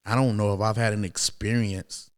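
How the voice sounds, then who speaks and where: A man in his thirties, a podcast guest, telling a personal story in a casual, animated way. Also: on the low side, moderate pace. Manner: animated, acts out quoted voices, many fillers.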